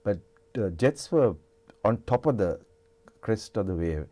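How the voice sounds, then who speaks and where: A man's voice: on the low side, a little slow. Older Sri Lankan man telling rambling stories. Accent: Sri Lankan English. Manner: rambling, animated anecdotes with many restarts. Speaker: interview guest, singer. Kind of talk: casual storytelling interview. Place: television studio.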